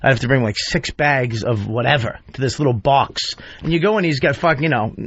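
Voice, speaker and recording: A man's voice: mid-range voice, a little fast, husky. A man telling stories in casual radio chat, acting out the people he quotes. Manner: animated, acts out quotes in a tough-guy voice. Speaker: comedian guest. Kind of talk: casual storytelling. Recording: dull lo-fi radio studio sound.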